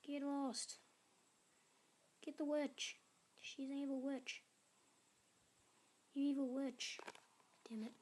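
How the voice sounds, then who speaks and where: High-voiced gamer girl, slow. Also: little pitch movement, darkish tone. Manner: chatty, drops into muttered whispers while playing; cheers on and scolds game units aloud. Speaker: gaming channel host. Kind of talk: casual mobile gameplay commentary.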